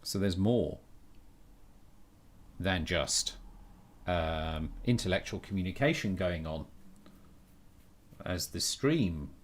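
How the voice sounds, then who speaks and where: On a live stream, a man talks casually in a low-pitched voice with lively intonation, speaking slowly and pausing often. He works things out aloud, keeps restarting and correcting himself, and doesn't soften his opinions.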